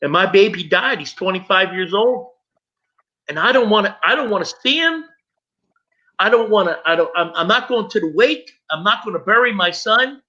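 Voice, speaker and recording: A middle-aged man, a guest, telling his personal story with emotion, halting and repeating words as he goes. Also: high-pitched, expressive, pushed and bright. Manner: halting, stumbles and repeats words when moved. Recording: dull lo-fi recording.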